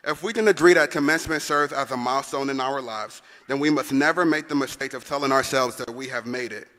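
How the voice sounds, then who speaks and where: A young man delivers a graduation address with a bright, forceful tone. He rallies the audience and has them call words back to him. His voice rings through a large arena with a long reverb. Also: mid-range voice, fast talker. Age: young adult. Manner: rousing, calls on the audience to respond. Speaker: senior class president. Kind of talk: commencement speech. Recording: long echo of a big arena.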